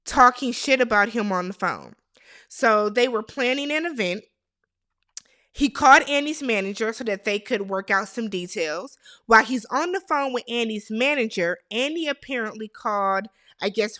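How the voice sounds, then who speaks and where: Woman recap host, high bright voice, animated and opinionated, dry close sound. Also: moderate pace, no echo. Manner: animated, opinionated, talks straight to viewers. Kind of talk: casual gossipy show recap.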